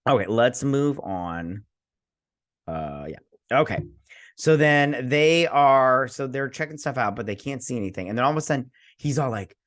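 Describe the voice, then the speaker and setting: A man's voice: mid-range voice, sing-song, normal speed, fairly bright tone. A man hosting a casual TV episode review, rambling and sarcastic, often mock-quoting the characters. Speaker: host.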